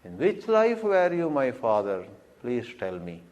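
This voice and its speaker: A man's voice: mid-range voice, huge pitch swings, a little slow, a little mellow. A man voicing a courteous son in heaven who speaks hesitantly and apologetically. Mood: apologetic. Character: polite young son in heaven, gently apologetic.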